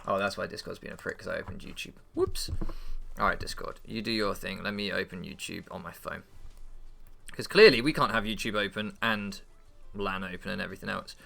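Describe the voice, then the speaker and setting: An English man chats casually and loosely, drifting from one thought to the next and tripping over repeated words. His voice sounds bright and forward, with a gravelly crackle of fry. He swears freely as he goes. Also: low voice, fairly quick. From England. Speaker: channel host and league player. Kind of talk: casual rambling chat before a match.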